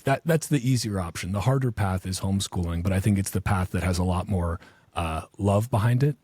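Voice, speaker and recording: A man's voice: lowish voice, a little mellow, breathy edge, no echo. A young American man, a podcast host, chatting casually and easily with chuckles and restarts. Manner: laid-back, chuckling, rambling with restarts. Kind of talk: casual chat.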